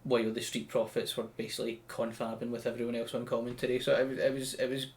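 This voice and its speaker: Speaking fast in a level, mid-range voice, a podcast host with a Scottish accent goes over a show. He keeps it chatty and joking, loose, with plenty of restarts.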